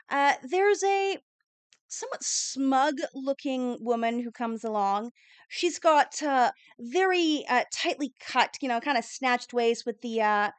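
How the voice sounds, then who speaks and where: Game master lady, high smooth voice, lots of ums, dry sound. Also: no echo. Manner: descriptive, filler-heavy. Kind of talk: narrating a tabletop game.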